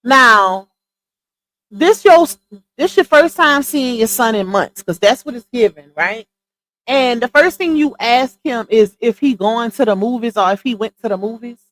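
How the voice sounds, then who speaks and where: A woman's voice: on the high side, lively intonation, measured pace, fairly bright tone. A woman hosting a live stream, chatting casually and incredulously to her viewers, with laughing asides. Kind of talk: casual commentary on a clip.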